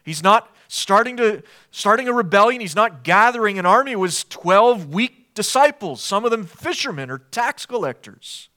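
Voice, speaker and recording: An earnest male preacher delivers a verse-by-verse sermon, his voice pitched high and bright with a forceful edge. He leans hard on emphasis and keeps throwing rhetorical questions at his listeners. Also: animated, moderate pace, few pauses. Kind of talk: expository sermon.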